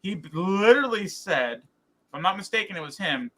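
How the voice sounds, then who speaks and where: A man co-hosting a podcast in casual chat, rambling and animated, with many fillers and restarts. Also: sits high, normal speed. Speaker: podcast co-host.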